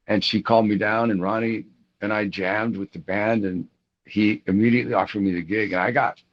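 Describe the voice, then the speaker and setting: A middle-aged man with a fairly low voice tells casual, rambling stories in an interview. He restarts often, leans on fillers, and animates the people he quotes. The audio is dull and lo-fi. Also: fairly even intonation, brisk. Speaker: rock guitarist interviewee.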